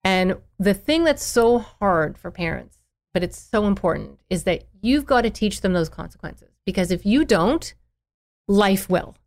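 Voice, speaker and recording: A child therapist is interviewed for a podcast and speaks at an unhurried pace in a medium-pitched voice. She describes parenting in a lively way, playing the parts of parents and children.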